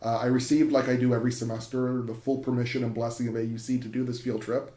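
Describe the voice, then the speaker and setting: A man in an interview, an enthusiastic professor spinning a long story, his words tumbling out with ums and restarts. His voice sits at an ordinary middle pitch. It rings in an echoey room. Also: level tone, fast, mellow. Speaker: university professor. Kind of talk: interview conversation.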